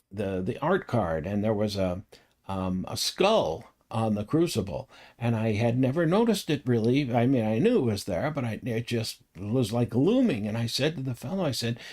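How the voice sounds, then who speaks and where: A middle-aged man talking casually about tarot cards, rambling from one anecdote to the next. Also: medium pitch. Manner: rambling, anecdotal, animated when telling stories. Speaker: tarot reader and teacher.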